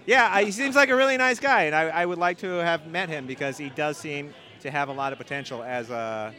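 A man's voice: on the high side, brisk, bright, forceful tone. A man being interviewed as a guest, answering coyly and playfully brushing off the host's claims. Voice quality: playful, coy, downplays with dry humor. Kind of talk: casual interview chat.

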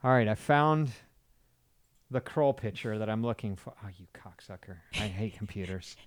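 A man hosting a crude, casual podcast, excitable and profane, jumping from loud outbursts to mutters. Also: fairly low pitch, moderate pace, dry recording. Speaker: podcast host.

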